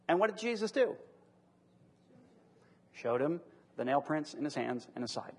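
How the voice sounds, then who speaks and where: A man's voice: medium pitch, big pitch swings, normal speed, pauses often, slightly rough, big-room sound. A middle-aged man leading a church class discussion, teaching earnestly through rhetorical questions.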